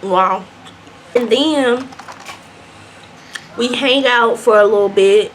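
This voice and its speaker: A woman's voice: fairly high pitch, slow, a little hiss or hum. Chatty young woman telling a storytime. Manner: animated, chatty storytelling while eating. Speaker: vlogger. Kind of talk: mukbang storytime.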